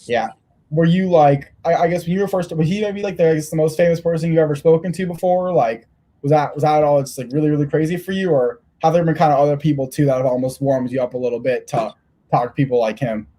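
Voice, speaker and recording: Fast, rambling male interviewer. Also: a little high, steady tone, dark tone. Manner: rambling, many restarts. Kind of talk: casual interview.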